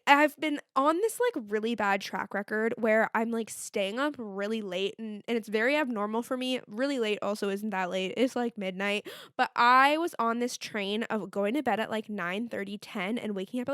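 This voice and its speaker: A woman's voice: fairly high pitch, a bit bright, smooth, no echo. Solo podcast host, woman in her twenties, swears freely, rambling casual delivery, dry close mic. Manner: chatty, candid, lots of fillers and swearing. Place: home.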